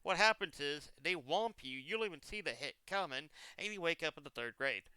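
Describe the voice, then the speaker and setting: A young man with a very smooth, clear, slightly high voice rambles through a comic story, throwing in exaggerated quoted lines. He sounds close and dry, as if on a streaming mic. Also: animated, brisk, bright, forceful tone, dry recording. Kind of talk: casual chat.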